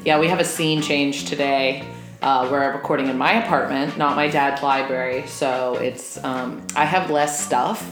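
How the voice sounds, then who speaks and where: A woman's voice: rumbling low, steady tone, normal speed, over music. A young woman co-hosting a podcast, chatty and playful, recorded in a sparse apartment. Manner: chatty and playful, rambling with fillers. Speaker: podcast co-host. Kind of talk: casual podcast chat. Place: sparse, empty apartment room. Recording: echoey empty room.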